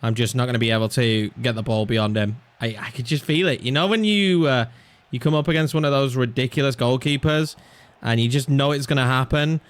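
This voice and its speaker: A young man giving live commentary over a football video game, exasperated and swinging between loud outbursts and low muttering. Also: brisk. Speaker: gaming YouTuber.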